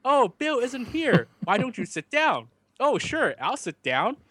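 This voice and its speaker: Corny soap-opera characters over-explaining everything, as a man mimics them, in a high voice that swings widely. The tone is exaggerated and mocking. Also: sing-song, measured pace, fairly bright tone, dry recording, full character voice. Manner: overly explanatory singsong parody.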